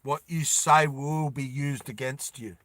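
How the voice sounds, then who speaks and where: A man voicing a cold robotic police drone that gives slow, flat commands. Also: mid-range voice, no echo, natural voice. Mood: commanding.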